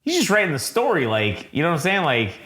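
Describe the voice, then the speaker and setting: Animated man with a roomy echo. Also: fairly high pitch, slight background noise. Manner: animated, acts out characters' lines in quick voices, swears a lot. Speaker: comic book podcast co-host. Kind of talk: casual profane chat recapping a comic.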